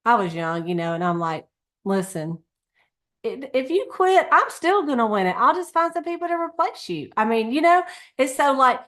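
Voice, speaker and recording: Woman, sales director type, chatty and folksy pep talk. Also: on the high side. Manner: chatty, animated, with frequent laughs and folksy Southern phrasing. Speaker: Mary Kay sales director recapping a conference. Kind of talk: casual motivational talk.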